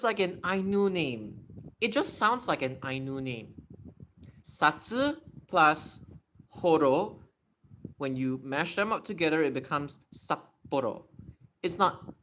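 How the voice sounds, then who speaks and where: Streamer, chatty and excitable, voice swinging widely in pitch, keys clacking faintly behind. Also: normal speed, a little hiss or hum. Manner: excitable, thinks aloud while typing. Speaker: livestreamer. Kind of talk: casual livestream Q&A.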